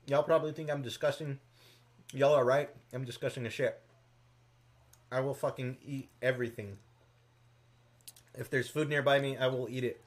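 A man's voice: mid-range voice, steady tone, normal speed, long pauses. A man in a casual podcast chat, laid-back and blunt, swearing freely as he talks.

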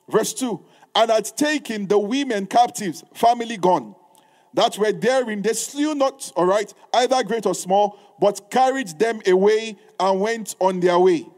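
Emphatic male preacher with a high voice; reads old-style scripture and drives points home with repetition. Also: a little mellow. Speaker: pastor. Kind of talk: sermon.

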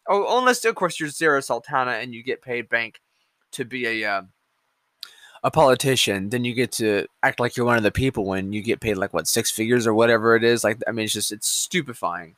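A man's voice: mid-range voice, expressive, fairly quick, sharp tone, no echo. A man hosting a podcast, ranting casually about politics, sarcastic and profane, drifting off into hummed filler between stories. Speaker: podcast host.

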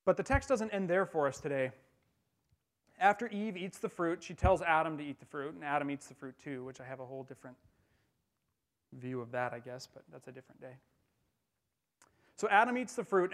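A pastor giving a sermon in a conversational way, with wry humor, in a church. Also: male voice, fairly high pitch.

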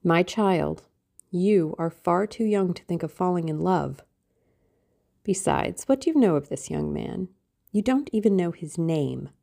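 A woman's voice: on the low side, lively intonation, unhurried, vocal fry, dark tone, heavily acted. A woman reading an audiobook voices a worried, theatrical middle-aged mother. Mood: fretful. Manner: fretful, affected.

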